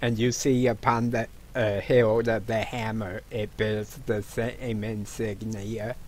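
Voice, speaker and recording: Male game master, slow, halting narration, average pitch. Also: level tone, slight background noise, low-quality recording.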